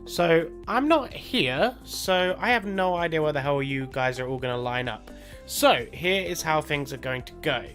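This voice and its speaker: The show's resident videographer gives cheeky, profane instructions in a pre-recorded message played back with music behind it. His voice is a little high and a bit bright, at a moderate pace.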